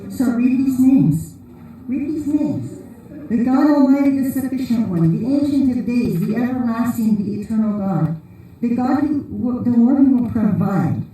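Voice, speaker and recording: A woman's voice: on the high side, lively intonation, unhurried, dark tone. A woman giving an informal conference sermon in a large church hall, telling rambling, humorous stories. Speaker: conference speaker. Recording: very echoey hall, voice from a distance.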